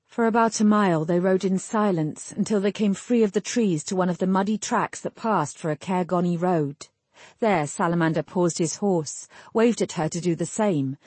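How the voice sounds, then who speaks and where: A woman narrating a fantasy audiobook in a measured, even storytelling manner. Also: on the low side, husky, no room sound. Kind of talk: scripted narration.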